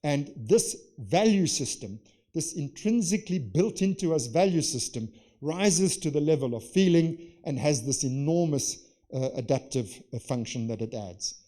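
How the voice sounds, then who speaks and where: A man giving an academic conference lecture, lively, posing rhetorical questions and acting out examples. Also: a little high, moderate pace. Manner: lively, poses rhetorical questions and acts out scenarios. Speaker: conference speaker. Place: conference session.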